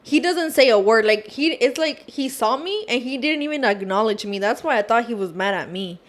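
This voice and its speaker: A woman guest on a podcast, retelling a story in an animated casual way, mixing in Spanish phrases. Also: a little high, moderate pace.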